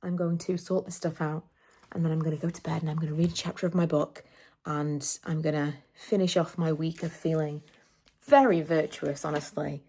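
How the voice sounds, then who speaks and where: Lady in her 30s vlogging from home, lowish voice, chatty and laughs at herself. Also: fairly even intonation, moderate pace, dark tone. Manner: chatty, enthusiastic, self-deprecating. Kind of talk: casual chat to camera.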